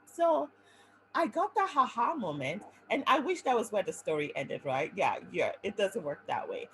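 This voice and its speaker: A woman physician giving a webinar talk, telling her own story in an animated way and often checking in with "right?". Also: mid-range voice, moderate pace, rough recording.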